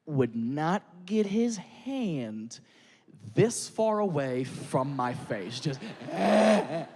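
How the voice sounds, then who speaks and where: Man comic, high voice, fast crude storytelling, faint noise behind. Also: very animated, a little mellow, in a large hall. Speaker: stand-up comedian. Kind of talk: stand-up routine. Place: comedy stage with live audience.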